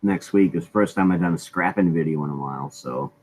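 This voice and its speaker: A man's voice: low voice, quick pace, a little mellow, a little hiss or hum, low-quality recording. A man hosting a casual live stream chat in a laid-back way, laughing often, with a Maine accent.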